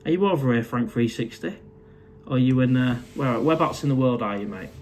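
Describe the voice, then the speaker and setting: A man's voice: medium pitch, lively intonation, fairly quick, a little mellow, a little hiss or hum. A man, casually chatting on a live stream from his condo, reading out viewer comments and calling everyone mate. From England.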